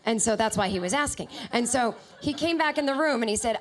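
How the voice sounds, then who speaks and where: A woman comedian tells a rambling, self-deprecating story on a small stage, speaking into a handheld mic. Her voice sits a little high, and she breaks into sudden shouty bursts. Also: normal speed. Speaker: stand-up comedian. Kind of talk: stand-up storytelling. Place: small stage in a comic book shop.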